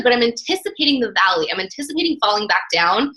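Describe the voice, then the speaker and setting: A young woman giving an energetic motivational talk as a business coach, acting out inner voices and swinging between loud and soft. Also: a little high, fast talker, poor audio.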